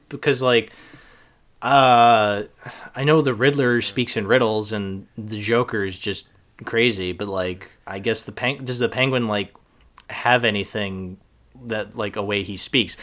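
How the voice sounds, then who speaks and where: A man from Boston chatting casually about movies and cartoons, animated and laughing often. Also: medium pitch, unhurried. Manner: animated, laughs often, quotes lines in put-on voices. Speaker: podcast host. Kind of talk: casual chat. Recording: lawn mower hum in background.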